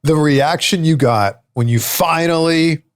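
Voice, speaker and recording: A man's voice: on the high side, unhurried. A man hosting a casual sit-down interview. He asks short questions that prompt his guest to tell stories. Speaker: interview host.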